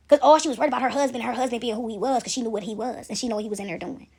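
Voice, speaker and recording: A woman's voice: fairly high pitch, racing, hardly any pauses, husky. A young woman telling a story to her viewers in a casual, chatty way, tagging her sentences with "right?" and "y'all", shaken up by what she is describing. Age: young adult. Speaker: vlogger.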